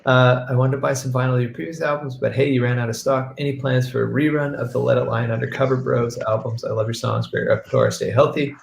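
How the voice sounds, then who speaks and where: A man hosting a casual livestream, relaxed and reading viewer questions aloud. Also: mid-range voice, quick pace, vocal fry, hardly any pauses, reverberant, slight background noise. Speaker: band member hosting a livestream.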